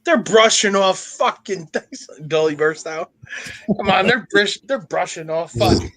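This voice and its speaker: A man's voice: high-pitched, expressive, a little slow, a bit bright. A young adult man co-hosting a podcast, telling crude, profane stories in casual banter and laughing often. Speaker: podcast co-host.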